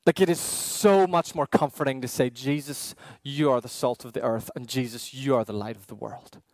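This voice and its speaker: A man preaching a sermon as pastor, earnest and questioning, with emphatic pauses. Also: medium pitch, darkish tone, no echo.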